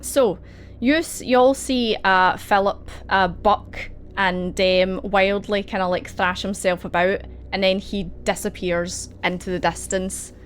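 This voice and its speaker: A woman's voice: mid-range voice, steady tone, measured pace, slight background noise. A woman narrating as game master, hesitating often over fillers and laughing between lines. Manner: hesitant, filler-heavy, giggly.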